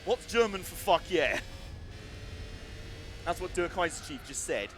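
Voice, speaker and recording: A man's voice: sits high, expressive, unhurried, a little hiss or hum. A man chatting casually and self-deprecatingly as he live-streams a racing game, wandering into side stories.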